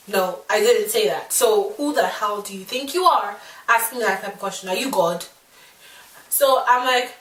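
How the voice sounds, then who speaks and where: A woman's voice: mid-range voice, moderate pace, distant mic. Sassy twenty-something woman doing a storytime vlog, lots of likes and you guys, room echo. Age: 20s. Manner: sassy, animated storytelling with many fillers. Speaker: vlogger. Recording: echoey room, mic set back.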